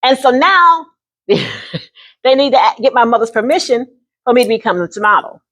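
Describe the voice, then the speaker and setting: An older woman in her sixties, chatting to camera with a bright, slightly high voice. She tells her story in a lively, folksy way and keeps calling the listener honey. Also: moderate pace. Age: 60s. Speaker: vlogger.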